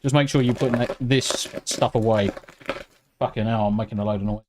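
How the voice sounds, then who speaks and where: A British man chatting casually on a live stream. He reacts excitably to chat and swears freely. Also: lowish voice, fairly quick. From United Kingdom. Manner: excitable, swears freely, talks while eating.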